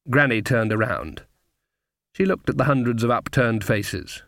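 Brief: male storyteller, measured and even, dry studio sound. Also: mid-range voice, no room sound. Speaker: audiobook narrator. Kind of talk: scripted narration.

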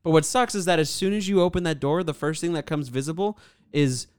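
A man's voice: on the high side, a little fast, clear, resonant tone, no room sound. A man co-hosting a casual podcast, rambling through stories loosely, swearing and laughing along. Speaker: podcast co-host. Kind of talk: casual chat.

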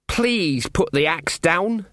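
A man's voice: high-pitched, expressive, slow, a bit bright, dry recording, studio quality, pitched above the performer's own voice, exaggerated voice. A man voicing a nervous young boy at a castle, timid and stammering, in a comic fantasy audiobook. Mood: anxious.

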